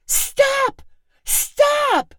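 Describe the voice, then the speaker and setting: A woman voicing a young female skier who snaps, yells and demands. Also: sits high, very animated, moderate pace, no echo, clean studio sound, pitched above the performer's own voice. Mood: shrieking. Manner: snappy, yelling, demanding.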